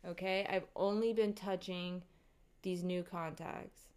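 A woman vlogger telling a casual story to her viewers, animated and rattled, swearing often. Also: on the low side, takes it slowly, smooth.

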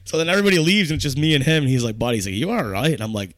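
Profane, animated young man telling stories. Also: medium pitch, racing, no room sound. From upstate New York. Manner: profane, animated storyteller acting out quotes. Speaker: podcast host. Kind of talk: casual storytelling chat.

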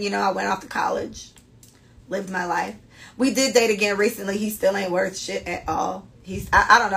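A woman in her twenties hosting a podcast, telling stories in a blunt, profane, animated way. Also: mid-range voice, gravelly, low-quality recording. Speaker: podcast host. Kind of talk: casual storytelling chat.

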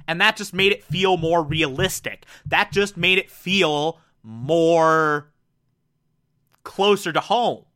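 A man casually reviewing a cartoon episode, animated and emphatic, with mocking asides. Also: a little high, slow.

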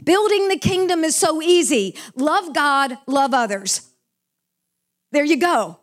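A woman's voice: high-pitched, expressive, slow. An older woman preaching a heartfelt, earnest sermon about love and purpose. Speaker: Christian speaker.

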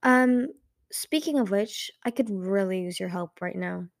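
A woman's voice: mid-range voice, a little slow, creaky, no echo. An anxious young female dragon pleads earnestly in a storybook reading, as a woman puts her on. The sound is dry and close with no room around it. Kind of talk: audiobook reading.

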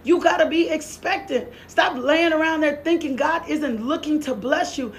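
A woman preaches with a high, fervent voice. She exhorts and repeats lines over and over, breaking into laughter. She sounds middle-aged. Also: moderate pace, slight background noise. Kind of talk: preaching sermon.

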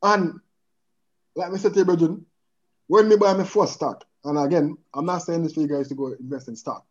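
Animated man, lo-fi podcast. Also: fairly high pitch, fairly quick. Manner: animated, repeatedly checks in with the listener, mixes in patois. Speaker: podcast guest. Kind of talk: casual chat. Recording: dull lo-fi sound.

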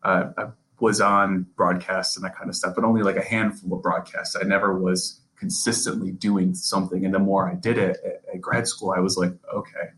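Earnest young man with a low voice. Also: little pitch movement, fairly quick, few pauses, fairly bright tone, poor audio. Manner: earnest, repeats and restarts words. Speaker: sports reporter, podcast guest. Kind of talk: casual interview conversation.

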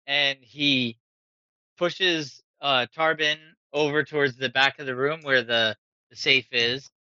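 A man running a tabletop game, speaking slowly and pausing often. His voice is very bright and forceful. The sound is dry and a little dull. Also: mid-range voice, fairly even intonation, smooth, no room sound. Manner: slow, halting narration with frequent fillers. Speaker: game master.

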